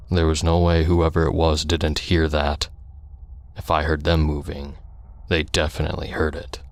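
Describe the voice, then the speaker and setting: A man narrating a first-person horror story in a steady, scripted storytelling manner. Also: extremely low pitch, no room sound.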